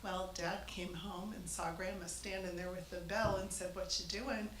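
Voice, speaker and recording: Her voice sits lowish, with little pitch movement and a moderate pace. She is amused and chatty, sharing a funny family story with a live audience and laughing between lines. The church hall is echoey, with faint noise.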